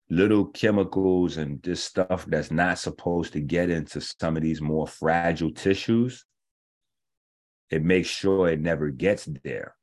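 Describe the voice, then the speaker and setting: A man hosting a health show, lecturing bluntly and profanely in a casual rant, slowing down to explain points step by step. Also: deep voice. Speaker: host of a natural health show. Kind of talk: ranting casual commentary.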